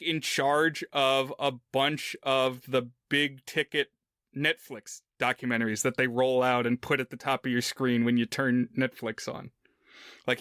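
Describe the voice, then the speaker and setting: Bright-voiced man chatting about films. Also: on the high side, clear, resonant tone, no room sound, clean studio sound. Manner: relaxed, conversational, with frequent fillers. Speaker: podcast co-host. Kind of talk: casual film discussion.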